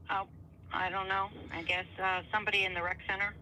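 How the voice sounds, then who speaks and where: A woman's voice: medium pitch, flat delivery, quick pace, sharp tone. A woman working as a campground reservation clerk, answering briefly and matter-of-factly over the phone. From New Jersey. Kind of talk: casual phone call. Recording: tinny faint phone line.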